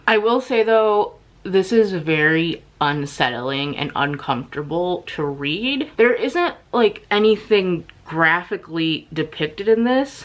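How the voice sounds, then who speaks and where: Young female vlogger, relaxed and chatty, slightly low voice, recorded at home on a camera mic. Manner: chatty, expressive, talks to her dog in a high voice. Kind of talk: casual vlog chat.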